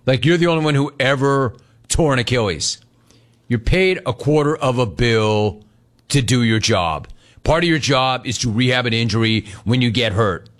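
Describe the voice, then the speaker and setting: A man hosting a sports radio show delivers an opinionated rant, repeating his points with mocking emphasis. He speaks at a normal speed in a medium-pitched, slightly bright voice.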